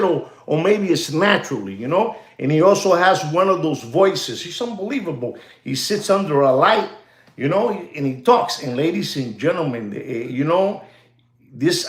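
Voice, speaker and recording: Male livestream host, high voice, loose rambling monologue with Spanish asides, roomy echoey room. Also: lively intonation, moderate pace. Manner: rambling and repetitive, addresses "ladies and gentlemen", drops Spanish phrases. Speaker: watch market livestream host.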